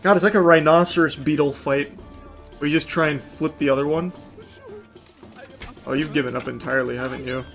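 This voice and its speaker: A man giving reactive gameplay commentary, yelling and laughing at the action, then dropping into deadpan asides. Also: a little high, a little fast, pauses often, faint music behind. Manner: excitable yelling and laughing between deadpan remarks. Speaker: gaming commentator.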